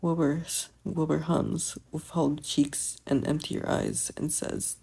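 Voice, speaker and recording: A podfic reader narrates fan fiction aloud in a soft, subdued way. The voice is very husky and breathy, with a gravelly edge and a dark, mellow tone. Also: mid-range voice, level tone, moderate pace, few pauses.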